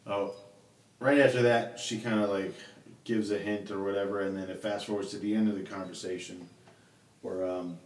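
A man's voice: on the low side, little pitch movement, normal speed. A man casually recapping a film as a podcast co-host, rambling and slangy. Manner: rambling, laid-back, slangy. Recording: roomy and distant from the mic.

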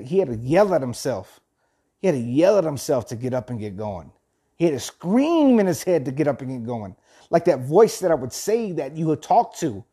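A man speaks in a warm, relaxed, mellow tone. He reads a passage aloud and then moves into earnest motivational talk. He circles back and repeats his phrases as he goes. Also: on the high side, husky. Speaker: host of a thirty-day motivational journey.

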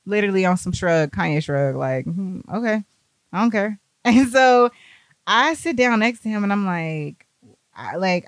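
A woman speaking spins a casual, profane story, jumping up and down in pitch as she acts out everyone's lines. Her voice sits mid-range, and the recording is dry and close. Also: no room sound. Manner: animated, profane, acts out other people's lines.

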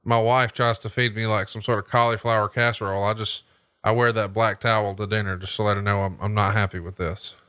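A man co-hosting a podcast, telling stories in a profane, animated way. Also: on the low side, quick pace, clean tone, no echo, studio quality. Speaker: podcast co-host. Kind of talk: casual podcast chat.

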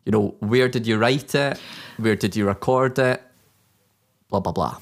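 A man's voice: lowish voice, measured pace. Teasing, jokey male radio host. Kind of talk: casual radio interview.

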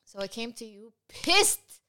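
A woman's voice: a little high, sing-song, a little slow, pushed and bright, clean tone. A young woman co-hosting a podcast in casual chat, blunt and exasperated, swearing and laughing often. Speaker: podcast co-host.

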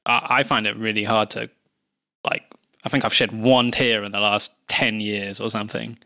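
A man's voice: lowish voice, level tone, normal speed, bright, forceful tone. A young man co-hosting a podcast in casual chat, easygoing, full of fillers and dry jokes. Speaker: podcast co-host.

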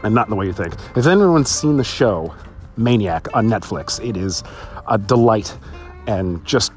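Animated man hosting a solo podcast. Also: normal speed, soft background music. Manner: animated, swears freely, laughs often, voice jumps high when excited. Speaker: podcast host. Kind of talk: casual solo podcast storytelling.

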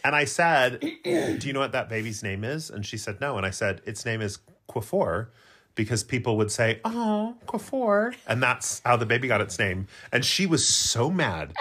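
A woman co-hosting a casual podcast, telling rambling stories in a deadpan way and swearing freely. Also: a bass voice, normal speed, slightly rough. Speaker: podcast co-host.

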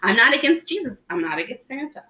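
A woman's voice: a little high, very animated, quick pace, sharp tone, a little hiss or hum, rough recording. A woman co-hosting a podcast in casual chat, talking at length and laughing often. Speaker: podcast co-host.

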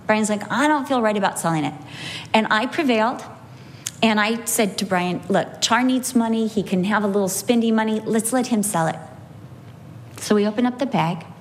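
A woman's voice: mid-range voice, slight background noise. Emotional woman in her fifties telling stories. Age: 50s. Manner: emotional storytelling with animated quoted voices. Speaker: Bible teacher. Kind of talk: women's Bible teaching talk.

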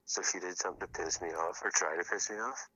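A man's voice: low voice, fairly even intonation, quick pace, bright, forceful tone, slightly rough, poor audio. A man calling in by phone, telling a profane, laughing story in casual chat. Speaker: caller. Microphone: phone call.

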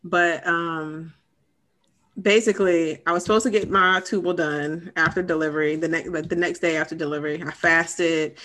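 A woman's voice: sits low, steady tone, normal speed, fairly bright tone. A woman in her thirties co-hosting a podcast, telling a personal story in a candid, casual way with lots of fillers. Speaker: podcast co-host.

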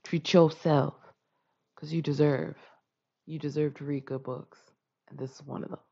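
Husky, animated woman podcast host. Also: low-pitched, normal speed, muffled recording. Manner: animated, slangy, switches between loud and soft. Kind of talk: casual book-review chat.

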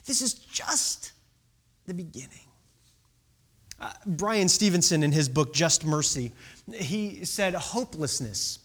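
Lively, animated preacher. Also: mid-range voice, breathy edge. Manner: animated, rhetorical questions, drops to whispers for emphasis. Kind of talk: conversational sermon.

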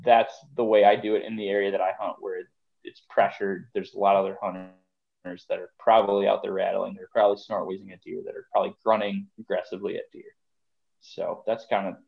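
A man's voice: lowish voice, steady tone, brisk, vocal fry, narrow, tinny audio. A man chatting casually on a podcast as a guest, rambling with lots of fillers. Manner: rambling, conversational, many fillers. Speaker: podcast guest, deer hunter.

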